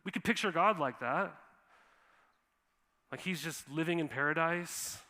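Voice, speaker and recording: A man preaching in a church, his bright and forceful voice sitting a little high for a man. He talks casually and animatedly, slipping into quoted voices. A long reverb from the hall trails behind his words. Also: measured pace, long pauses. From Montana. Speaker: pastor. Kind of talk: sermon. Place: church sanctuary.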